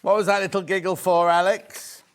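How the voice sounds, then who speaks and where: High-pitched and level in tone, this British presenter speaks at normal speed during a live TV sales pitch in a studio. He's chatty and jokey on the shopping channel, repeating prices while showing items.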